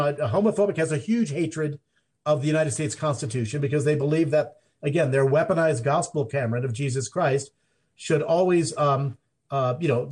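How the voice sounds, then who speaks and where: A man's voice: fairly high pitch, darkish tone, slightly rough. A man talking as an interview guest, rambling with many restarts and fillers. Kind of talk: conversational interview. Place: Mountain Time Zone.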